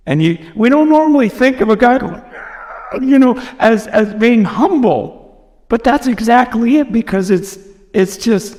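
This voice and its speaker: A man's voice: very high-pitched, animated, unhurried, darkish tone. An American man preaching a sermon, earnest and emphatic, often repeating phrases, recorded in a large church hall. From United States. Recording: long reverb from a large hall.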